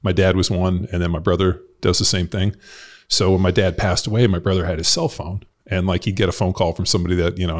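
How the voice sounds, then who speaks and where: A man's voice: low voice, fairly even intonation, fast talker. A man from Southern California hosting a podcast, telling loose, rambling stories in a profane, laid-back way. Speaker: podcast host. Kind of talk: casual conversation.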